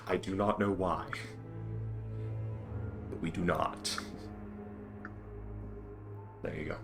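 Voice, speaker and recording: A man's voice: low-pitched, fairly even intonation, extremely slow, creaky, pauses often, music in the background. A man chatting casually at an online game table, joking crudely and laughing often. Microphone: headset or desk mic, online session.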